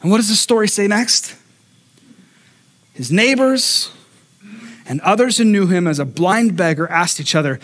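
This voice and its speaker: A man pastor preaching a sermon, telling a story with lively acted-out voices and frequent restarts. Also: sits high, moderate pace, pauses often. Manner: animated storytelling, acting out voices; repeats words when starting thoughts.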